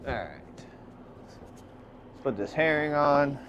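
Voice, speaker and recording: A man commercial fishing on a boat, live-streaming to his chat and swinging from hyped shouts to low muttering. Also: animated, very slow, muffled recording, heavy background noise.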